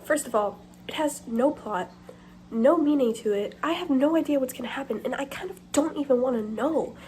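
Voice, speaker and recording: A teenage girl filming a casual book vlog on her phone, candid and dramatic, swinging between whispers and loud complaints. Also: sits high, moderate pace, poor audio. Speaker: book vlogger. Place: bathroom.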